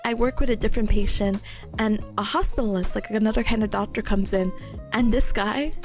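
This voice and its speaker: A woman's voice: mid-range voice, fairly quick, faint music behind. A young woman from New York chatting casually on a stream, telling a story in a rambling, giggly way.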